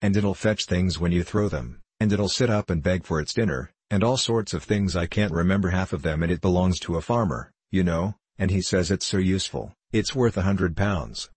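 A man's voice: deep voice, moderate pace, hardly any pauses, a little mellow, breathy edge, dry recording. A man reading a chatty young girl. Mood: eager. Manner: chatty, eager, prone to rambling on. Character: curious, polite young girl adventurer. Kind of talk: audiobook character reading.

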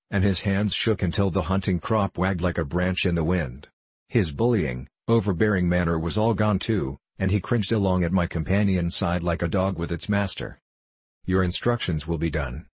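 A man narrating a classic detective story as an audiobook reader, telling it in a steady, even way. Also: low-pitched, breathy edge, no room sound.

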